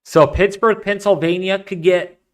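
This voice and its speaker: A man hosting a live weather stream, talking casually and excitably, rambling off into asides while reading the models and the chat. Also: sits high, normal speed. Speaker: weather livestream host.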